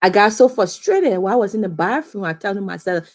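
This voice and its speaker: A woman's voice: mid-range voice, big pitch swings, fairly quick, few pauses, a little mellow. A young adult woman from Liberia telling a personal story to camera in a chatty, repetitive way, often calling viewers "guys". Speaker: vlogger.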